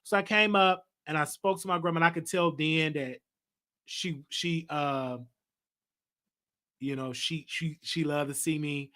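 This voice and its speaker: A man's voice: fairly high pitch, fairly even intonation, unhurried, sharp tone. A man hosting his own live talk show, speaking candidly about family, with frequent restarts and a Southern US accent. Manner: candid personal venting, many restarts. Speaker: show host. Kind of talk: livestream talk show monologue.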